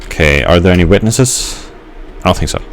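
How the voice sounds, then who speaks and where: Young male gamer, deep low voice, musing and hesitant let's-play talk, slight background hiss. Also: expressive, brisk. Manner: musing, hesitant, many fillers and restarts. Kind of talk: rambling let's-play commentary.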